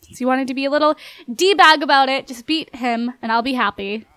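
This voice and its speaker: A woman's voice: sits high, brisk, fairly bright tone, clean tone, no room sound. A woman giving chatty, bubbly commentary on her life-sim game, laughing often and talking to the characters on screen. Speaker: gameplay commentator.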